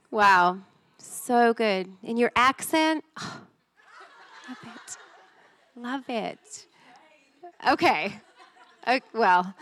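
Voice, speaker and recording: A woman's voice: medium pitch, a bit bright. A woman hosting a church conference, bubbly and giggly as she introduces the next speaker. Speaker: event host. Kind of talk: emcee introduction.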